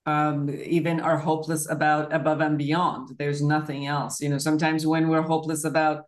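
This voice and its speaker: A woman's voice: low-pitched, level tone, moderate pace. A woman hosting a podcast interview, a therapist, talking in a reflective way with searching phrasing and you-know fillers. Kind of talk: conversational interview.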